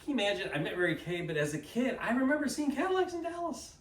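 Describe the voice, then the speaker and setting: A man in his fifties from Texas with a Texan accent, telling animated folksy stories and saying y'all to his audience. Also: very high-pitched, fast. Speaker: guest speaker. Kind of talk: casual storytelling talk. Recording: roomy, distant mic with faint noise.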